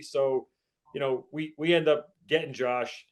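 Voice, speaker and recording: A man's voice: mid-range voice, fairly even intonation, measured pace. An older man hosting a talk show, speaking in a folksy, casual way and leaning on "so" to move his stories along. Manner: folksy, repeats "so" to push on. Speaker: host, former baseball executive. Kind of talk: casual interview chat.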